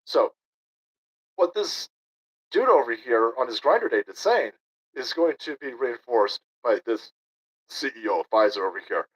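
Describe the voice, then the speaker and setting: A man's voice: medium pitch, sing-song, unhurried, pauses often, low-quality recording. A man doing a profane, mocking reaction commentary on a video clip as a streamer.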